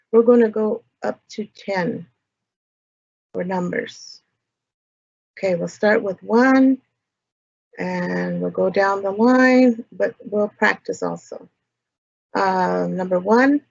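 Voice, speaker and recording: A woman language teacher leading a slow vocabulary lesson, saying each word and patiently prompting listeners to repeat it. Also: medium pitch, creaky, a little mellow, dry recording, highs cut off.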